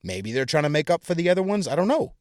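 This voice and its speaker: A man's voice: a little high, sing-song, fast talker, a little mellow, no room sound, studio quality. A young adult man hosting a podcast, delivering a crude, profane, heated rant. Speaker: podcast host. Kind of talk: crude solo comedic rant.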